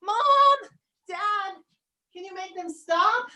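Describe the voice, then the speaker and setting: A woman's voice: extremely high pitch, lively intonation, very slow, pushed and bright, raised voice, a little hiss or hum, pitched above the performer's own voice, exaggerated voice. A woman voicing a young girl who hesitantly pleads to be heard, on stage. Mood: pleading. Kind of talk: solo stage performance. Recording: roomy stage sound, mic far off.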